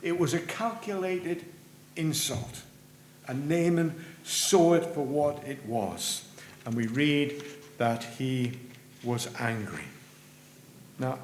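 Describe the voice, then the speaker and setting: A man preaching a sermon in a church, earnest, rising for emphasis and dropping low at the ends of phrases. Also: darkish tone. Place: church sanctuary. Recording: roomy church with faint hum.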